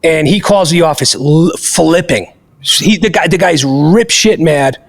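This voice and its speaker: A man with a high, gravelly voice hosts a podcast and tells a story casually. He talks in an animated, emphatic way and swears freely. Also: unhurried. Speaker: podcast host.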